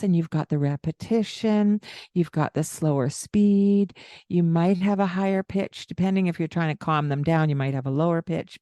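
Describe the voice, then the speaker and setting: A woman with a low, mellow voice talks slowly and calmly in a casual podcast chat. She explains parenting ideas. The sound is dry and close to the mic. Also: no room sound. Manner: explains calmly, demonstrates baby talk with high sing-song bits.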